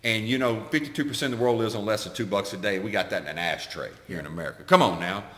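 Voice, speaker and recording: A man's voice: fairly low pitch, fast talker, heavy background noise. A man co-hosting a podcast, a coach talking in casual, opinionated chat. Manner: opinionated, preachy. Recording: echoey room with long reverb.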